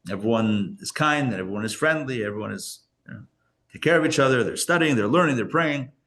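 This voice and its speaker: A man's voice: medium pitch, expressive, fast, fairly bright tone. A man voicing a contented male Hasidic disciple who gives an upbeat, glowing report about his town, in a storytelling lecture. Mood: cheerful.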